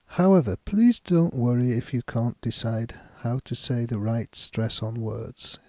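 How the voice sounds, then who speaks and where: A man teaching an English lesson, speaking slowly and deliberately with careful enunciation as he explains stress and reads a text aloud. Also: medium pitch, warm tone, no echo. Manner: slow, deliberate, clearly enunciated.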